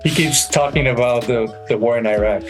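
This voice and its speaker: A laid-back podcast co-host tossing out deadpan jokes in a relaxed conversation. Music plays clearly behind his voice. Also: mid-range voice, brisk. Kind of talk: casual comedic podcast chat.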